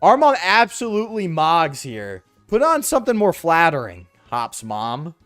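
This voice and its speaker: Streaming a game, this young man chats sarcastically and slangily with his viewers in an offhand let's-play ramble. His fairly high, fairly bright voice swoops wildly in pitch at a normal speed, with soft music behind him and no echo.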